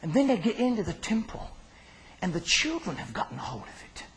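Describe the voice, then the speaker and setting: A man preaching an impassioned sermon in a church, with fervent, drawn-out delivery and answers from the congregation. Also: sits high, big pitch swings, a bit bright, low-quality recording. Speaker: pastor.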